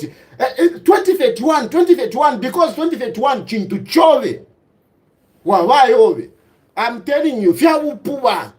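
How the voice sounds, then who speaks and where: A middle-aged man giving an impassioned, scolding political monologue, repeating himself and switching between English and Bemba. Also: very high-pitched. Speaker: political commentator.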